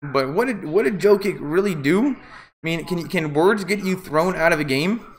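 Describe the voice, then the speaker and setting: A man's voice: sits high, animated, moderate pace. A man doing casual live play-by-play commentary, rambling and opinionated with jokey asides.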